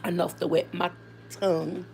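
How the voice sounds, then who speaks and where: Woman, vlogger, casual chat, rambling, slightly low voice. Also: moderate pace, vocal fry, a little hiss or hum. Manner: rambling, conversational, animated asides. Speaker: vlogger and mother.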